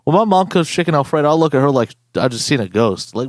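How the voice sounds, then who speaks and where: A young man hosting a podcast, ranting in a casual, profane, animated way. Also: fairly high pitch, fast, no room sound. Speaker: podcast host.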